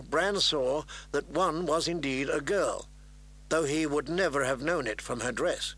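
A male narrator reads a fantasy novel aloud in a measured, steady way. His voice sits a bit high for a man and rings bright and clear. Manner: measured, even storytelling. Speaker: audiobook narrator.

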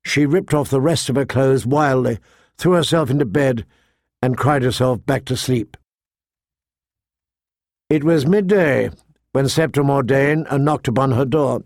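A man narrating an audiobook in a measured, expressive storytelling manner. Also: mid-range voice, no echo, clean studio sound. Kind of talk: audiobook reading.

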